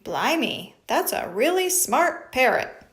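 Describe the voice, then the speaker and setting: A woman's voice: high-pitched, big pitch swings, slow, a bit bright, pitched above the performer's own voice, full character voice. A woman voicing a blustering pirate puppet who talks in pirate slang. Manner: gruff pirate talk. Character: blustering pirate, a little scared.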